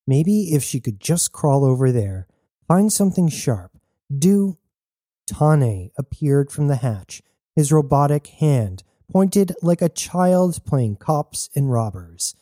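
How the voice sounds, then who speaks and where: Male narrator, dark mellow tone, dry booth sound, steady storytelling. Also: medium pitch, no room sound. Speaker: audiobook narrator. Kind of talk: scripted narration.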